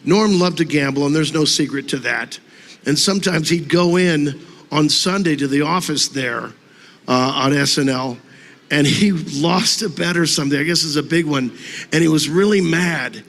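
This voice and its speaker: A man with a fairly high voice talks in an easygoing, earnest way, answering interview questions. His voice trails off into a long, hall-like reverb. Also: normal speed, a bit bright. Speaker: interview guest. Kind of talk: casual interview reminiscing.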